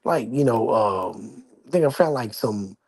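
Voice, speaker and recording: This livestream host has a lowish, creaky, somewhat mellow voice with a breathy edge, lively intonation and an unhurried pace. Chatting casually from home in his apartment, he rambles in slang and keeps his volume down.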